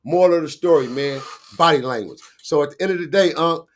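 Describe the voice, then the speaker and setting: A middle-aged man with a Los Angeles street accent, telling a story in an animated, slangy way and acting out the voices of the people in it. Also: on the high side, a little fast. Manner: acts out quoted voices, slangy, laughing asides. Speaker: guest storyteller, bounty hunter.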